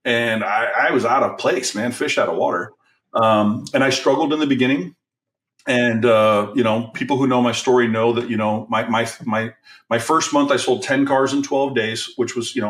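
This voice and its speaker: A middle-aged man recounts his start in sales with candid energy, talking through plenty of fillers and restarts. His voice sits at an ordinary pitch for a man. He is set a little back from the microphone. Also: fairly bright tone, recorded from a distance. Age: 40s. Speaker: guest, car sales trainer. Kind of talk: storytelling in a podcast interview.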